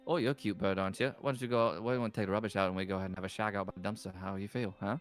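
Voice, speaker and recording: A man's voice: lowish voice, fairly even intonation, racing, clean tone, pitched below the performer's own voice, natural voice. A man putting on a brash Cockney club flirt. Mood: leering. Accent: Cockney, put on. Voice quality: brash, leering.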